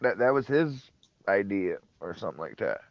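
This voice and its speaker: A man's voice: lowish voice, very animated, normal speed, creaky, no room sound, lo-fi sound. A man chatting on a livestream panel, recounting things in a rambling, hesitant way. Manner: rambling storyteller, hesitant fillers. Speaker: panel member. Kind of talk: casual chat on a livestream panel.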